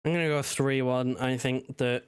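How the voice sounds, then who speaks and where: A man co-hosting a casual football fan stream, talking through his match prediction in a relaxed way. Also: mid-range voice, moderate pace, clean tone, no echo, studio quality. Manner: relaxed, laughs along, plain match talk. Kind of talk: casual chat.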